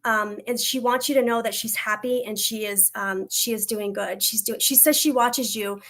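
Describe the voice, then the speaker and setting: A woman working as a psychic medium, doing a livestream reading and Q&A, talking in a soft, reassuring way with frequent pauses, fillers and restarts. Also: a little high, steady tone. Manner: hesitant, halting, many fillers and restarts.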